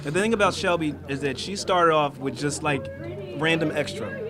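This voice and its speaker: A chatty, joking man with a fairly high voice introduces his castmates at a premiere. A busy crowd buzzes behind him outdoors. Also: moderate pace. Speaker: film cast member. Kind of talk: casual event interview. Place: outdoor red carpet premiere.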